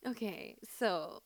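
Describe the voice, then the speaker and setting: Gushing young woman streamer, slow-talking. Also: medium pitch, creaky. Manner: excitable, gushing, swears a lot. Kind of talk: live stream reaction. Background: faint music.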